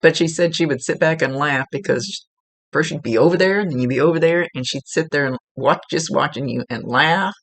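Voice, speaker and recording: A woman psychic medium giving a casual, gently instructive reading, relaying messages with chatty asides. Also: deep voice, brisk. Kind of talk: casual spoken reading to a client.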